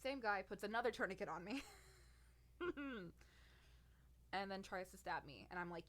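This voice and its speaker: A woman's voice: mid-range voice, moderate pace, a bit bright. A nineteen-year-old woman telling a personal story on her podcast, venting in an exasperated, sarcastic way. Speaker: podcast host.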